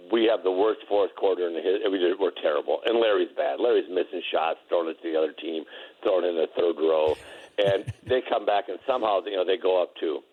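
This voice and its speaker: A man's voice: deep voice, narrow, tinny audio. A middle-aged man, a former basketball player, telling laughing anecdotes in a casual interview, with lots of restarts.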